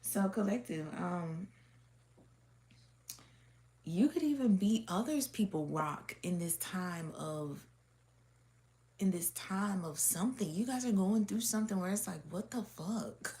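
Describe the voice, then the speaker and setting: A woman's voice: mid-range voice, expressive, unhurried, long pauses, warm tone. A woman giving a casual, unscripted spiritual reading straight to her viewers. She is blunt and swears a lot, laughing often between rambling, filler-heavy sentences.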